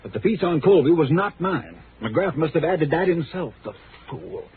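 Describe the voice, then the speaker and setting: A man acts out a jumpy, bitter ghostwriter in an old radio drama, his pitch swinging widely as he stammers. The sound is thin and tinny with a faint hiss. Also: lively intonation, moderate pace, lightly acted. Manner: jittery, stammering, resentful. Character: nervous, bitter man, a slippery columnist's ghostwriter. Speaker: newspaper ghostwriter. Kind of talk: 1940s radio acting.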